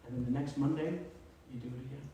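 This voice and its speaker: A male pastor preaching a sermon, emphatic and swinging from loud to quiet. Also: mid-range voice, fairly even intonation, quick pace, a little hiss or hum. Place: church sanctuary. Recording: echoey church from far off.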